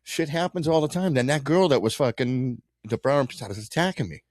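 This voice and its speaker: A man's voice: medium pitch, animated, normal speed, darkish tone, dry recording, studio quality. A man co-hosting a casual podcast, telling blunt, profane bar stories. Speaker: podcast co-host. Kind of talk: casual chat.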